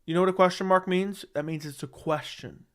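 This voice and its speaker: Using a studio dynamic mic at home, a man runs a casual MMA livestream and argues back at viewer comments defensively, going over the same points again and again. He speaks fairly quickly in a high voice with fairly even intonation.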